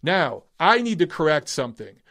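A man's voice: fairly high pitch, sing-song, moderate pace, creaky, a bit bright. A man hosting a boxing podcast, giving casual, rambling opinion commentary with frequent restarts and casual swearing.

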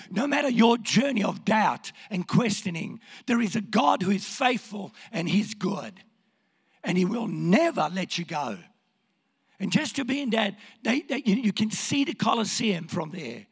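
A man preaching in a hoarse, gravelly voice, his pitch high and leaping about as he moves between quiet words and shouts. The long reverb of a church hall hangs behind every line. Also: big pitch swings, normal speed. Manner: impassioned, swings from hushed to shouting. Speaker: pastor. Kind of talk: sermon.

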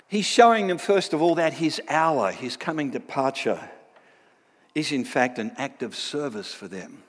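A man gives an animated Bible lecture, his fairly high voice ringing out in a hall with a long reverb. He keeps checking in with his listeners through quick tag questions.

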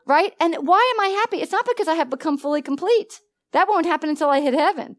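Woman, Bible study teacher, bright higher voice, lively, laughs easily, acts out dialogue. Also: fast talker. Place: church meeting room.

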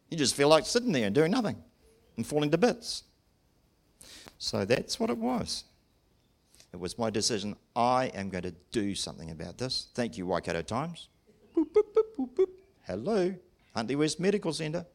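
An older man preaching a sermon in a church, plain-spoken and self-deprecating. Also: lowish voice.

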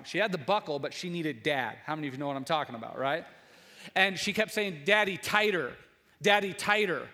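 A man's voice: fairly high pitch, bright, forceful tone, in a large hall. A man in his thirties, a pastor, preaching an Easter sermon, telling a family story in a conversational way that builds to emphatic preaching.

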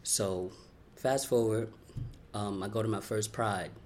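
A young man from Brooklyn tells his story in an interview. His voice sits on the low side and he speaks candidly, in quick, heartfelt runs full of "you know" and "like." A faint hiss of noise runs under the recording. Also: steady tone, a little mellow. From Brooklyn, New York. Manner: candid, fast-flowing, heartfelt, many "you know" and "like" fillers.

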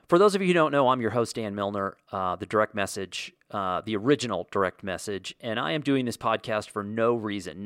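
A man talks through a solo podcast, rambling from point to point with sarcastic jokes and quick mock quotes. His pitch sits in a middle range for a man. The recording is dry and close, with no room echo. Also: fairly bright tone. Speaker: podcast host.

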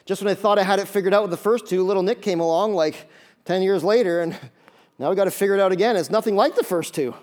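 Animated, high-voiced male pastor preaching. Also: quick pace. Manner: conversational and animated, jokey asides. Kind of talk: sermon.

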